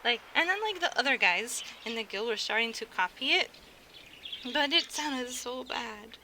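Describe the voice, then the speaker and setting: Animated and moderately paced, a young American woman streams in a high, pushed, bright voice. She's chatty and giggly, often cutting herself off to start over, and background noise is clearly audible.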